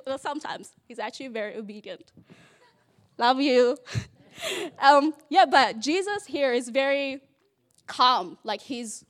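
High-voiced chatty woman teaching Bible study. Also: animated, a little slow, long pauses, a bit bright. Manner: chatty, playful, many "like" fillers. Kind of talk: casual Bible study talk.

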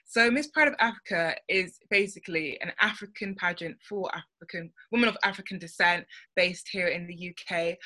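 A woman's voice: on the low side, sharp tone. A young woman from the UK chatting as an interview guest, with lots of fillers like "like" and "you know". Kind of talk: casual interview chat.

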